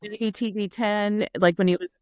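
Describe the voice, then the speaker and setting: A woman guest on a podcast, a foundation founder speaking reflectively in casual conversation, often pausing with "you know". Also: mid-range voice, steady tone, darkish tone, no echo, studio quality. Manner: reflective, halting, many "you know" fillers.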